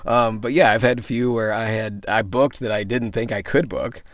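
A man working as a voice actor and impressionist, telling stories in a casual interview, chatty and quick to laugh. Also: on the low side, fairly even intonation, dry recording. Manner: chatty, laughs often, acts out quoted voices.

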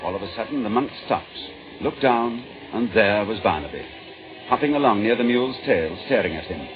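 A man narrating a story in an expressive, lively way. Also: on the low side, normal speed. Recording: dull lo-fi with music. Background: music.

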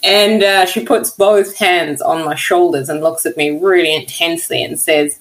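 On poor audio, the researcher's fairly bright voice sits on the low side and moves at a moderate pace with hardly any pauses. Not from America, this workplace equality guest tells her story earnestly and emotionally, full of casual "you know" fillers.

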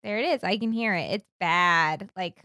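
A woman's voice: lowish voice, normal speed, sharp tone, no room sound, clean studio sound. Chatty woman with a Southern drawl. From Northern Florida. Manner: chatty, self-mocking, trailing restarts. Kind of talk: casual chat.

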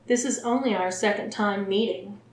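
A cool, detached asylum doctor, read by a woman narrator, speaking in measured, formal sentences. Her voice sits at an ordinary middle pitch and carries a noticeable room echo. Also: lightly acted. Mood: firm. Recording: roomy echo.

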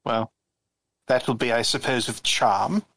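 A man's voice: medium pitch, slow, creaky, a bit bright, dry recording. A man playing a tabletop game, wry and thoughtful, with dry jokes. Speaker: player.

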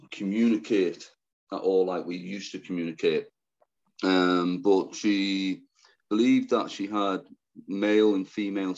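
A man telling his own difficult story as an interview guest, halting, restarting often, and speaking frankly. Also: low-pitched, darkish tone, muffled recording. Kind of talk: candid personal storytelling.

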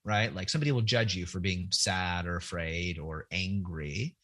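This is a middle-aged man with a low voice, pushed and bright, talking at normal speed. He recounts personal stories in a candid, conversational way, earnest and reflective, though halting, often restarting sentences and leaning on fillers.

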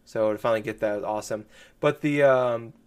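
A man's voice: mid-range voice, fairly quick, clear, resonant tone. A man chatting casually about video games on a podcast, rambling with lots of fillers and restarts. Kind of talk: casual gaming podcast chat.

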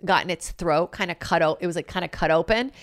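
Woman podcast host, casual storyteller, lower voice, dry close sound, animated and profane. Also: fast talker, no echo. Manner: animated, profane, filler-heavy with lots of "like".

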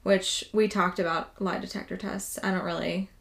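A woman's voice: mid-range voice, little pitch movement, moderate pace, creaky. Casual woman telling a haunting story. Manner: casual, swears freely, lots of "like". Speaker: podcast co-host telling a true haunting story.

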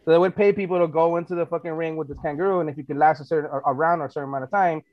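Fast-talking man, dull lo-fi sound. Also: fairly high pitch, no room sound. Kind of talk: casual chat.

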